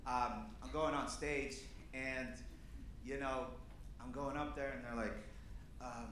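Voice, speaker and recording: A man's voice: mid-range voice, steady tone, slow, a bit bright, heavy reverb, slight background noise. A man in his thirties, originally from Peru, doing a stand-up set in a comedy club with a loose, rambling delivery full of fillers. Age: 30s.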